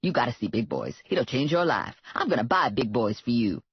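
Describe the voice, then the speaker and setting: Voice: mid-range voice, sing-song, fairly quick, husky, no room sound, heavily acted. Narrator doing a brassy, bossy woman sidekick. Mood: pushy. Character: loud sassy woman sidekick, pushy. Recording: dull lo-fi, dry.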